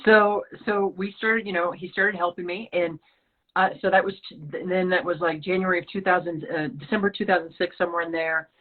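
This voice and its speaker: Speaking in a fairly low, fairly quick voice, this woman guest from the US Rocky Mountain region recounts something from her own life and performs the dialogue with animation. The podcast audio comes through a lo-fi, phone-like line.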